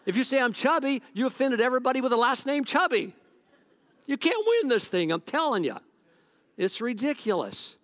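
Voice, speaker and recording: A man's voice: very high voice, normal speed, no echo. A middle-aged man preaching a sermon as a pastor, telling stories from home and joking with the congregation. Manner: animated, joking storyteller.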